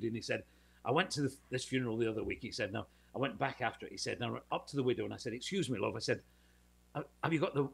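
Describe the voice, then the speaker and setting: Lively British man telling showbiz stories. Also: medium pitch, creaky, husky. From United Kingdom. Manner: lively anecdotal storyteller, acts out voices in his tales. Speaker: presenter telling a showbiz story. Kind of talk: casual podcast chat.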